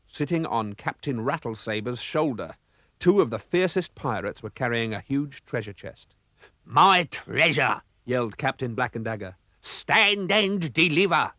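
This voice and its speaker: A man narrates a storybook cartoon in a lively, expressive way. His pitch is average for a man but moves a great deal through each sentence. The recording is dry and close. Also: normal speed, no echo.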